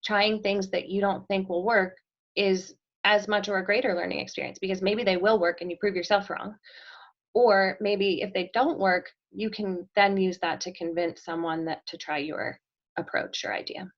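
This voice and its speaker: A woman's voice: medium pitch, fairly even intonation, normal speed, muffled recording. A woman guest on a podcast, talking casually and thoughtfully with frequent ums and light laughs. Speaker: podcast guest, marketing executive. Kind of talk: casual interview chat.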